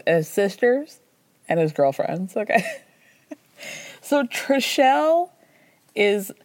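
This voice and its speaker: A woman hosting a podcast, recapping casually in a chatty, animated way and jumping into high mimicking voices. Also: dry recording, clean studio sound. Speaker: podcast host.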